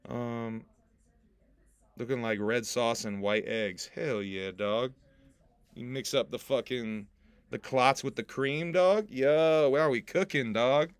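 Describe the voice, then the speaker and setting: A man chatting loosely on a livestream, cracking himself up and cursing between jokes. His voice sits at an ordinary middle pitch, recorded close and dry with no room sound around it. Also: takes it slowly, clear, resonant tone, no echo. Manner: laughs often, swears freely, loose and joking. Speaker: podcast host and rapper. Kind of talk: casual livestream chat.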